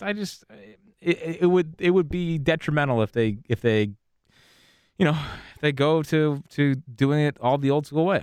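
A man's voice: mid-range voice, clear, resonant tone, dry recording. A man co-hosting a casual sports talk show, giving laid-back analysis with plenty of filler words. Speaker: sports podcast co-host.

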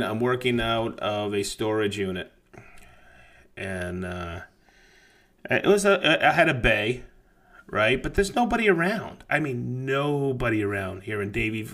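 Animated, swearing man telling a shop story. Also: fairly low pitch. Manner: animated, profane, laughing storyteller. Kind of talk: casual podcast storytelling.

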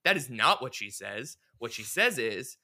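Gravelly, bright-voiced man chatting. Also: medium pitch, normal speed. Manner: rambling, many fillers, animated retelling. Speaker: podcast co-host discussing a game. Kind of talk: casual chat.

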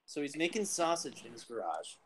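A man's voice: on the high side, big pitch swings, brisk, crowd noise, low-quality recording. A man co-hosting a podcast, telling a story in casual chat with a teasing, joking manner. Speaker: podcast co-host.

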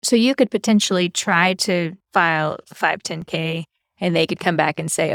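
A woman's voice: on the low side, normal speed, creaky, fairly bright tone, dry recording, clean studio sound. A woman co-hosting, talking in a casual, matter-of-fact way. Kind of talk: conversational podcast chat.

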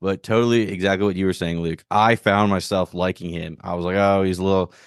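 A man's voice: low-pitched, steady tone, brisk, clear, resonant tone, no room sound, studio quality. A man co-hosting a casual talk show about a TV series, rambling and jokey with lots of filler words. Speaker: podcast co-host. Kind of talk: casual chat.

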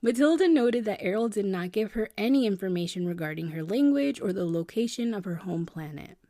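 Woman podcaster telling a weird story, bit of vocal fry, dry close sound, keeps going off on little tangents. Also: mid-range voice, a little fast, no echo. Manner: reads a story aloud, breaks off into asides and laughs; repeats words when excited. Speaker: podcast host.

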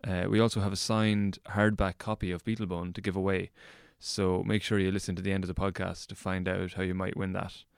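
A man with a fairly low voice who hosts a podcast in a loose, chatty way and laughs easily between lines. The sound is close and dry, with no room echo. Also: level tone, brisk, gravelly, few pauses, clean tone. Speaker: podcast host. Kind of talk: casual interview chat.

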